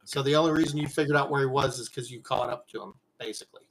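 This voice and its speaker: Brief: male game master, mid-pitched, patiently walking players through rules. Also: racing, slight background noise, poor audio. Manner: explains rules patiently and plainly. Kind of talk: running a tabletop game.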